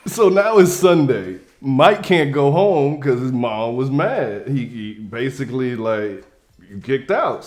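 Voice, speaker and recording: A young man spins a comedic story, switching into different voices for each quoted line. His talk is loose, lively and conversational, with a medium pitch. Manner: animated, acts out quoted lines in different voices.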